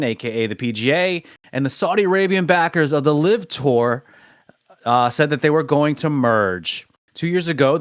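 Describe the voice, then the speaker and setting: A man's voice: a little high, no room sound, studio quality. A man co-hosting a casual podcast. He reads out topic introductions, then talks loosely with frequent restarts. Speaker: podcast co-host. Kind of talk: casual chat.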